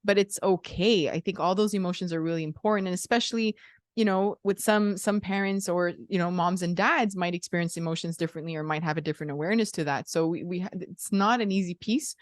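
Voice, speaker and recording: A woman's voice: on the low side, quick pace, no room sound. A woman hosting a podcast, chatting earnestly and reflectively with a guest. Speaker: podcast host. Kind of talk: casual interview chat.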